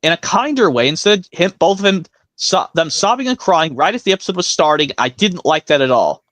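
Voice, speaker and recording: Brief: high, lively male host, dry close mic, casual fan chatter. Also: brisk, dry recording. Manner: rambling, enthusiastic fan talk. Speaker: stream host. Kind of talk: casual chat.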